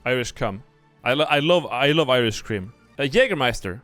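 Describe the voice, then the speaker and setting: A man's voice: medium pitch, expressive, normal speed, fairly bright tone, no room sound. A young man streaming casual commentary, blunt and jokey, swearing freely as he thinks aloud. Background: faint background music.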